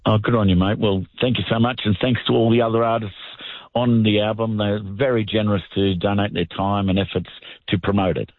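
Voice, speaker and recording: A man's voice: fairly low pitch, fairly even intonation, dry recording. An older man, a guest in a radio interview, talking earnestly and plainly with small halts. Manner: earnest, plainspoken, slightly halting. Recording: tinny phone line.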